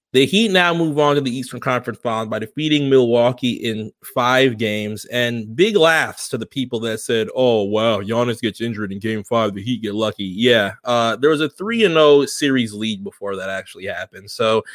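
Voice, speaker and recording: A man co-hosting a casual basketball podcast, talking in a joking, animated way and putting on voices when he quotes people. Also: mid-range voice. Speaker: podcast co-host. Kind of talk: casual sports chat.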